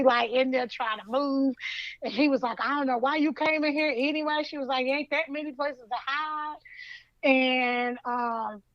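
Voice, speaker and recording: A woman podcast co-host casually retelling a fan story, acting out the characters' lines with lively colloquial talk. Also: sits high, dry recording, muffled recording. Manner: animated storytelling in colloquial Southern US English, acts out lines.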